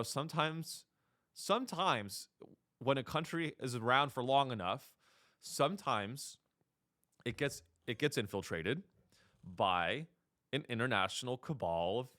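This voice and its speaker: A man's voice: a little high, bright, forceful tone. A man hosting a comedy podcast, delivering a rambling, sarcastic, mock-earnest monologue. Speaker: podcast host.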